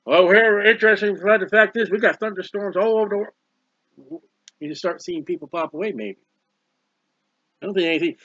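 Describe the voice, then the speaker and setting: A man preaching a bible sermon, emphatic and repetitive, building to loud exclamations. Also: high-pitched, moderate pace, pauses often, no echo. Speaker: street preacher. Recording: dull muffled lo-fi audio.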